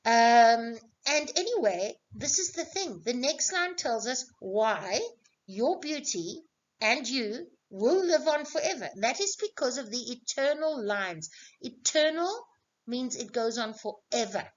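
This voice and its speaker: A woman's voice: a little high, lively intonation, measured pace. A woman teaching an exam revision lesson, explaining patiently and answering her own questions. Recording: dull lo-fi recording.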